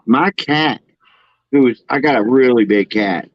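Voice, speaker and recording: A man's voice: medium pitch, a little slow, no echo. An easygoing man chatting casually on a live stream and reading out viewers' messages. His voice sits in an ordinary middle range, and it sounds dry and close but dull and lo-fi. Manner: easygoing, reads out chat messages.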